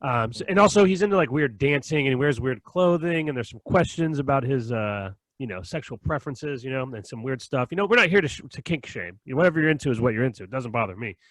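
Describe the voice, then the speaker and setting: Man hosting a podcast, rapid-fire storyteller, dry close sound. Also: medium pitch, expressive, fairly bright tone, dry recording. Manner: rambling, laughs often, acts out quotes. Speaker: podcast host. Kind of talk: casual chat, storytelling.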